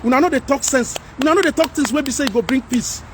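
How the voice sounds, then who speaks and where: Nigerian guy on a livestream, fairly high voice, animated and pleading, faint background noise. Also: quick pace. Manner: animated, pleading, mixes in Pidgin. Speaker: livestream host reading viewer comments. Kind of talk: casual livestream talk.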